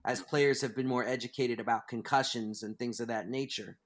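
A man's voice: medium pitch, steady tone, moderate pace. A man being interviewed as an author, talking emphatically and at length, restarting his thoughts as he goes. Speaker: author and guest. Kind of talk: interview conversation.

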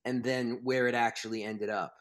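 Male author guest, mid-pitched, emphatic and animated, talkative interview style. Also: moderate pace. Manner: animated, emphatic, restarts thoughts. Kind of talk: interview conversation.

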